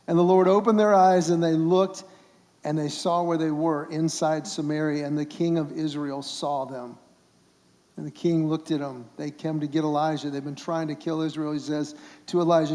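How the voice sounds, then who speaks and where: Guy preaching, gravelly, kinda high voice, long echo off a big church room. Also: fairly even intonation, moderate pace, mellow. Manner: storytelling, acting out the voices of the story's characters. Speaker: guest preacher. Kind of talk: sermon. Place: church sanctuary.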